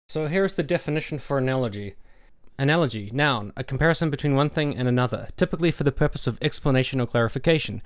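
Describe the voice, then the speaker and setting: Brief: an irate man vlogging a cursing, sarcastic rant, middle-pitched voice. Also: fast, smooth. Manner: angry, sarcastic, heavily profane. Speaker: YouTuber. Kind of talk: profane rant vlog.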